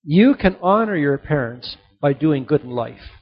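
A middle-aged man giving a motivational sermon to young people, emphatic and repetitive, sometimes dropping to a soft earnest tone. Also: a little high, lively intonation, moderate pace, husky, faint music behind. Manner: emphatic, repeats key points, drops to soft earnest tones. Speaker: youth speaker. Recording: dull lo-fi recording.

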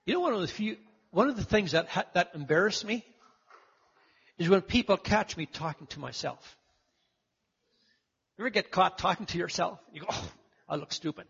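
A man preaching a sermon, telling the story with animated delivery and acting out the voices of the people in it. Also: sits high, normal speed, vocal fry, long pauses, slightly rough. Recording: muffled, echoey hall.

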